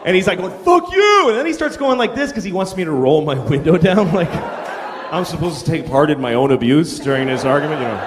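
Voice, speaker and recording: Recorded live in a large theater with an audience and background noise, a middle-aged man performs stand-up comedy. He tells stories fast and wryly, with plenty of profanity, lively intonation, and big pitch swings.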